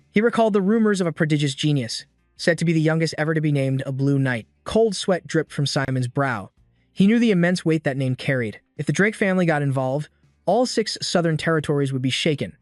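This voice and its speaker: A man narrating a scripted story recap with a steady storytelling delivery. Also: on the high side, fairly quick, no echo, clean studio sound, faint music behind.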